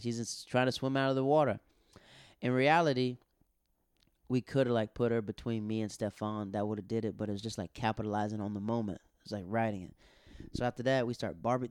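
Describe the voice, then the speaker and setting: A man's voice: medium pitch, smooth, no room sound, clean studio sound. A young man, a stand-up comedian from the American South, casually recounting his week of gigs and acting out the quotes. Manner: loose, animated retelling with acted-out quotes. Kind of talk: casual storytelling monologue.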